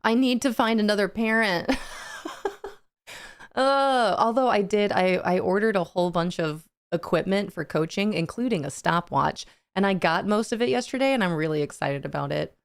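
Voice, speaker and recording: Chatty woman streamer with a smooth voice. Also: mid-range voice, moderate pace. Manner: chatty, laughs often, greets viewers by name. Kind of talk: casual chat with live chat viewers.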